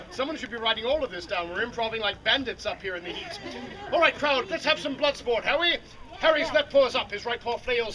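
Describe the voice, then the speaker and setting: A street performer with an extremely high-pitched voice does an outdoor comedy show on a fair stage, bantering with and teasing audience volunteers in classic crowd work. The rough recording catches a large, loud crowd around him.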